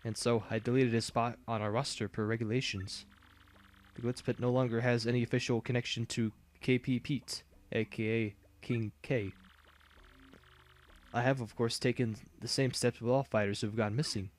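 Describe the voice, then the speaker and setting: A man's voice: mid-range voice, little pitch movement, normal speed, close to an everyday voice. Man voicing a stiff, formal woman manager. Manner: quiet, stiff and businesslike. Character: prim, formal female arena manager. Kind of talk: reading game dialogue aloud.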